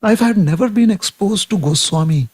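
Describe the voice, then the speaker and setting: A man from India, giving a devotional talk in a deliberate way, often asking rhetorical tag questions. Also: sits high, lively intonation, a little mellow, slightly rough, no echo. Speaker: devotional speaker.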